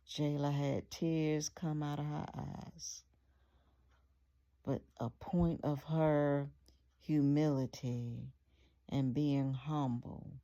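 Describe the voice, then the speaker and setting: Very low, slow woman storyteller. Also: warm tone. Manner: unhurried, with many fillers and restarts. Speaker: author reading her own book. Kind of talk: loose storytelling narration.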